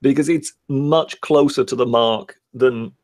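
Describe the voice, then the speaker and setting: Man, England-born, raised in Europe; live-stream co-host, firm and measured, some stammers. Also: medium pitch, darkish tone. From born in England, grew up in continental Europe. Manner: measured, emphatic, with stammered restarts. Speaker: co-host, political commentator. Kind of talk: live-stream political chat.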